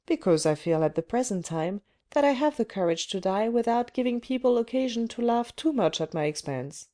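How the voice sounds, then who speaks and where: A woman's voice: fairly high pitch, animated, moderate pace, mellow, pitched above the performer's own voice, natural voice. A woman reader voicing a proud, bitter young man brooding on his fate, in audiobook narration. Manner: inward, bitter musing.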